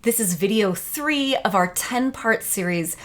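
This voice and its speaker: A woman's voice: medium pitch, animated, unhurried. A woman teaching a video lesson on creativity, talking in an enthusiastic, conversational way. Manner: enthusiastic, conversational, acts out quotes.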